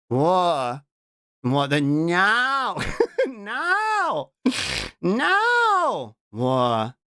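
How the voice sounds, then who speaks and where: A young adult VTuber streamer chatting casually on a live reaction stream. They break into playful shouts and keep tossing out a questioning "what?". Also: mid-range voice, smooth, no echo, clean studio sound. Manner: keeps repeating a questioning "what?" between remarks; stumbles and restarts mid-sentence.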